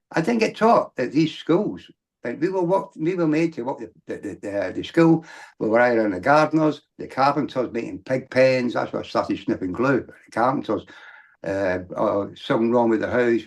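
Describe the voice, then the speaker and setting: A middle-aged man with a gravelly, fry-heavy voice. He tells his story as a guest in loose, rambling sentences, restarting often and then rising into emphatic bursts. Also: mid-range voice. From Britain. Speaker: podcast guest. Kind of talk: candid storytelling.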